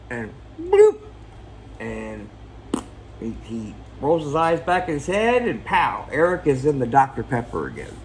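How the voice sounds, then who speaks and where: A man's voice: on the high side, a little hiss or hum, poor audio. A man giving a casual, jokey, profane film recap, acting out characters and sound effects. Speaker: film reviewer.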